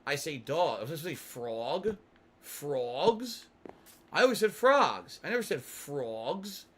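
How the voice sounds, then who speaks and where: Rambling, animated male streamer. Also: fairly high pitch, measured pace, slight background noise. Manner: rambling, musing aloud, frequent swearing. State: yawny, sleepy. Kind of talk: casual livestream chat while gaming.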